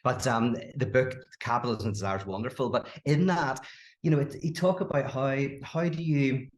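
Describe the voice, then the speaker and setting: Speaking at a normal speed with a medium-pitched voice, a man takes part in a relaxed podcast conversation as a guest philosopher. He's animated, laughs frequently, and often begins his sentences again.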